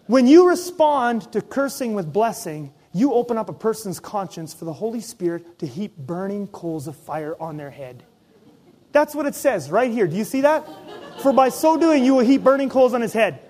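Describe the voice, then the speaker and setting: A middle-aged man preaching from the pulpit as pastor, his voice sitting high for a man. He tells personal stories with energy, acting out his own inner voice and the other people in them. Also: a little fast. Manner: animated storytelling, acts out his own inner voice. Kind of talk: sermon.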